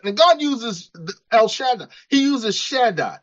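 A man's voice: extremely high pitch, big pitch swings, measured pace, hardly any pauses, fairly bright tone. A man preaching a sermon, acting out quoted voices and chuckling as he talks. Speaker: pastor. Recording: dull lo-fi church recording.

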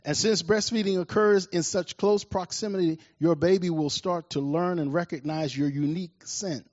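A man preaching a sermon in an animated way, rising loud and high as he tells stories. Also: moderate pace, no room sound, dull audio. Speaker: pastor.

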